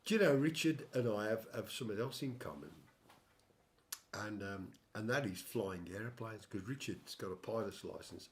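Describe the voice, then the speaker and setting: A man's voice: lowish voice, normal speed. An older man hosting a casual music chat, telling a long story with many restarts and wry asides. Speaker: show host and songwriter.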